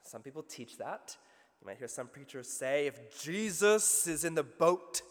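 Animated Australian preacher in a reverberant hall. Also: male voice, on the high side. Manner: animated storytelling with vivid asides. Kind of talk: sermon.

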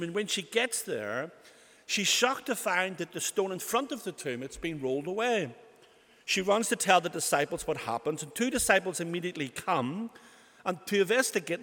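A man's voice: sits high, fairly bright tone, in a large hall. A man preaching a sermon, retelling a scripture story earnestly with emphatic repetition.

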